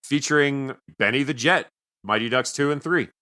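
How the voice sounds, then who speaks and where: A man's voice: medium pitch, normal speed, bright, forceful tone. A man co-hosting a film podcast, talking casually and rambling with self-mocking jokes. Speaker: podcast co-host. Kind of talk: casual film review chat.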